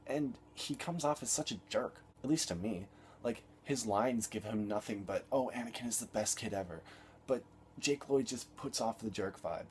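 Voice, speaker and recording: A man's voice: fairly low pitch, a little mellow, a little hiss or hum. A young man reviewing a film in an exasperated, sarcastic rant, swearing freely.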